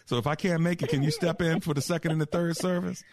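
A middle-aged man hosting a call-in radio show as a pastor, teaching scripture with a preacher's cadence that slows for quoted verses. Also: on the high side, fairly even intonation, darkish tone, no echo, studio quality. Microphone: studio microphone.

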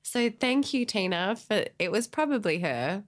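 An Australian woman co-hosting a studio podcast in casual, animated chat, laughing often and swearing freely. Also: medium pitch, unhurried, over a noisy crowd. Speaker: podcast co-host.

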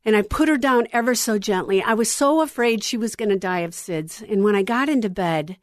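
A middle-aged woman hosting a Christian radio show, sharing her testimony in an earnest, intimate way that drops to a hush on tender lines. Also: mid-range voice, a little fast, no room sound, studio quality. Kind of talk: heartfelt on-air testimony.

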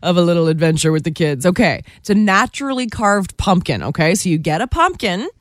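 Lively woman radio co-host. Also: fairly low pitch, a little fast, no echo, studio quality. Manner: lively, playful, laughs often. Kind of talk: casual entertainment news chat.

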